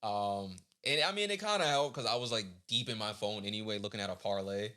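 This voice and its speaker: A man's voice: on the low side, a little fast, pushed and bright. A young man with a stuffy nose, co-hosting a podcast and telling stories in loose, slangy, profane chat. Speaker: podcast co-host.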